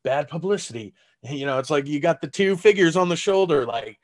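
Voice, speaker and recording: Brisk and animated, his voice sits a little high. He's a Southern-accented comic from Texas, loosely shooting the breeze on a podcast with frequent laughter, heavy filler words, and swearing.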